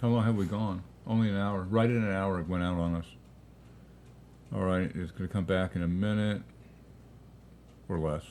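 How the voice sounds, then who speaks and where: A man with a low voice co-hosts a live painting stream, talking to viewers in a relaxed way. His tone is dark and mellow, and a faint hiss sits under the recording. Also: moderate pace, pauses often. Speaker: co-host reading viewer questions. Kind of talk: casual live-stream chat.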